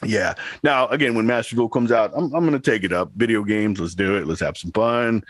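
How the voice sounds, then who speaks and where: A man's voice: fairly low pitch, fairly quick, no echo. A man in his thirties, a podcast co-host, chatting casually and telling a rambling story with laughs. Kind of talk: casual chat.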